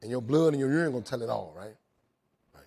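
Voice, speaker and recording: A man telling his recovery story to a live audience in a jail, animated, swinging between loud and quiet and often checking in with "right?". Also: mid-range voice, fast talker, creaky. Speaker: recovery speaker. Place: jail, indoors.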